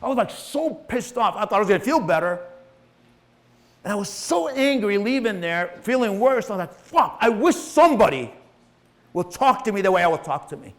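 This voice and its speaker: A man's voice: high voice, lively intonation, fairly quick. A middle-aged man telling his own life story in a motivational talk, swearing freely and acting out the people in it. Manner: emotional, profane, acts out voices in his story.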